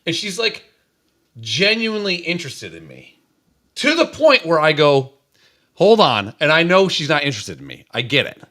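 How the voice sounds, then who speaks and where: Man in his 40s, podcast co-host, bright lively voice, blunt and crude. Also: on the high side, normal speed. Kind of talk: casual chat.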